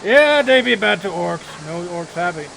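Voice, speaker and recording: A gruff male orc factory laborer, worn down and blunt, speaks in loud, broken snippets of speech, as a man puts him on while playing a computer role-playing game. The voice sits fairly high and is pushed louder than ordinary talk. A noisy hiss runs behind it. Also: expressive, moderate pace, full character voice. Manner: broken clipped grammar, blunt short phrases.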